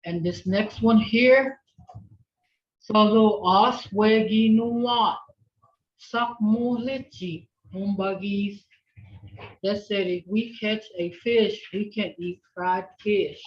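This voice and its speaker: Patient female language instructor, very slow delivery, muffled video-call sound. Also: medium pitch, fairly even intonation. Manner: patient, slow, repeats words for the learner. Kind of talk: online language lesson with call and response. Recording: dull lo-fi video call audio.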